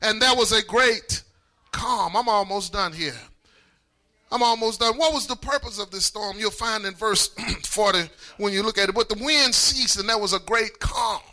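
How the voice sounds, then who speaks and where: A man preaching a sermon to his congregation, shifting into a sing-song chant and shouting calls for a response. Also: high-pitched, moderate pace. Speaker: pastor.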